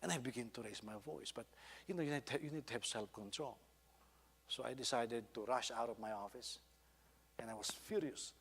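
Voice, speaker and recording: Husky Filipino pastor preaching. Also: male voice, medium pitch, fairly quick, long reverb tail. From Philippines. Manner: storytelling, rising to emphatic exhortation. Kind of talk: sermon with personal story.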